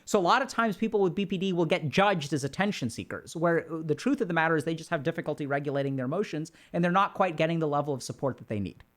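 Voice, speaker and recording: High-voiced man explaining mental health. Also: fast, few pauses, fairly bright tone. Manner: explanatory, with frequent rhetorical checks like "right?". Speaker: host of a mental health livestream. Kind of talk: educational livestream talk.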